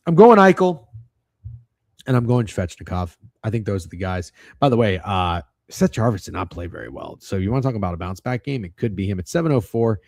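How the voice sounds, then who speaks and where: A young man with a lowish voice talks through sports bets in a loose, rambling livestream chat, swearing freely and restarting his sentences as he gets excited. The sound is dry and close, with almost no room around it. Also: brisk, gravelly, no echo. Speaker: sports betting show host.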